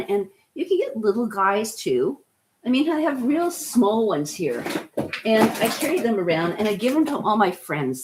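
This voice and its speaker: Chatty enthusiastic woman host. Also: medium pitch. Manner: chatty, enthusiastic, rambling with frequent "you know" and "right?". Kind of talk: casual wellness talk.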